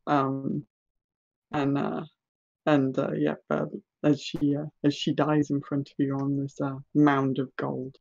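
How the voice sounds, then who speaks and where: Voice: medium pitch, completely flat delivery, slow pace, gravelly, darkish tone, lo-fi sound. A game master narrating a tabletop game, hesitant and full of ums and restarts.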